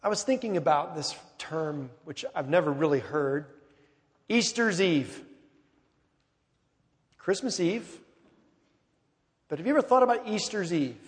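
A man preaching from the pulpit with a high, carrying voice. He is emphatic, rising to loud calls and then dropping to a hush. The long reverb of a large church hangs behind him. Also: lively intonation, measured pace, long pauses. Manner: emphatic, swings from loud to hushed. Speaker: pastor. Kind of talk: sermon.

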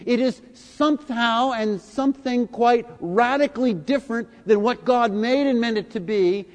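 An older man with a high-pitched voice delivers a sermon, slow and emphatic, his loudness rising and falling for stress. His voice carries with a long echo through a hall. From United States. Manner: deliberate and emphatic, with big swings in loudness. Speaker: preacher. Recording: echoey hall.

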